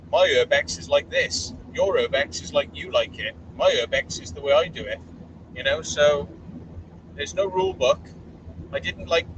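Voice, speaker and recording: A man's voice: fairly high pitch, dull audio. A man, vlogging in a blunt, sweary, rambling way with lots of fillers, recorded outdoors. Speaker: urban explorer vlogger. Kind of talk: casual rambling monologue. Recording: distant mic with loud outdoor noise.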